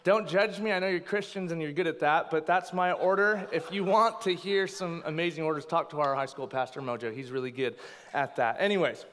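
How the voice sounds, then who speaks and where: Storytelling pastor in a reverberant hall. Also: male voice, fairly high pitch, a little fast, fairly bright tone. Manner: storytelling, playful asides. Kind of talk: sermon with personal stories.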